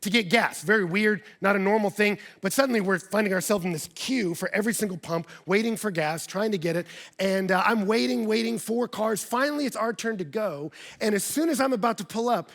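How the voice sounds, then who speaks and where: High-voiced animated man preaching. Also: fairly quick. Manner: animated, acts out quoted dialogue with big pitch jumps. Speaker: pastor. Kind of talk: sermon with personal storytelling.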